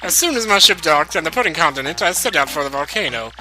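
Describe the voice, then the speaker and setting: A man putting on an eager, slightly nervous plumber hero from a video game, his fake Italian-style accent bouncing along well above his own voice. The tone is very bright and edgy, with a chatty, boastful streak. The man reads the lines as a let's-play commentator. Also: on the high side, expressive, fast, faint music behind, pitched above the performer's own voice, low-quality recording. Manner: eager, chatty, calls listener bro. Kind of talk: reading game dialogue aloud in character.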